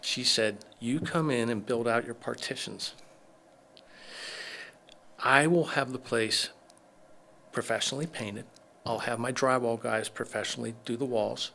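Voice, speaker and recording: A middle-aged man with a bright, forward voice at an ordinary pitch, telling a long story in a podcast interview. He acts out what others said to him, lively and conversational. Faint noise sits under the recording. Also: unhurried, vocal fry, pauses often. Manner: animated storyteller acting out quoted dialogue. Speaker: chiropractor, podcast guest.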